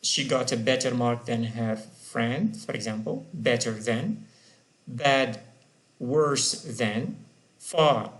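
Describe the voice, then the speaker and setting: Patient man teaching English grammar. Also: mid-range voice. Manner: patient, repeats example words slowly. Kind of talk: recorded grammar lesson.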